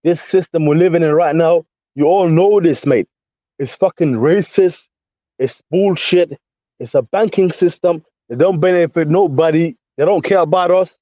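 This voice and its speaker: A man with a London accent calls into a voice chat, his fairly high, warm voice at normal speed in a dry recording. He rants combatively and repeats himself, calling everyone mate and bro, all through dull lo-fi voice chat audio.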